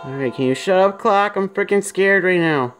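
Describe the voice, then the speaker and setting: A man's voice: high-pitched, moderate pace, fairly bright tone. A man giving let's-play commentary, jumpy and panicky, repeating himself and talking straight to his viewers. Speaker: gaming video creator.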